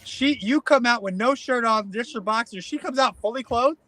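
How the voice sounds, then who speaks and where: A man hosting a casual interview, his voice high and bright for a man. He banters in a laid-back, swearing, easygoing way. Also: normal speed.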